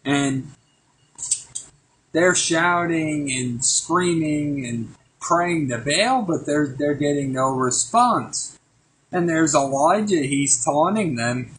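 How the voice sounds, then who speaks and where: Slow, earnest man reading scripture. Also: on the high side, fairly bright tone, a little hiss or hum, low-quality recording. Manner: earnest, conversational, slips into plain chat after reading. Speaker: host of a daily Bible verse. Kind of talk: scripture reading with casual commentary.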